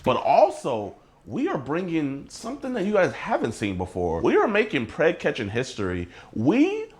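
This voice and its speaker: Calm, coaxing man from the United States. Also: on the high side, normal speed. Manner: calm, coaxing, repeats reassurances. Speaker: predator-catching vlogger. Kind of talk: confronting someone on camera.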